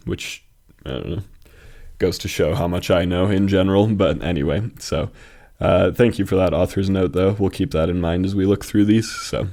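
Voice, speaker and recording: Low, mellow-voiced man reviewing poems. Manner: thoughtful, hesitant, many fillers and restarts. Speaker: host reviewing fan poetry submissions. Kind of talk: casual critique and poem reading.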